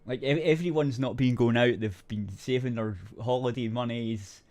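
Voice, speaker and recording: Co-host, man, mid-pitched, loose sweary chat, quick interjections. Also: darkish tone. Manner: swears freely, interjects corrections. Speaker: podcast co-host. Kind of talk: casual chat.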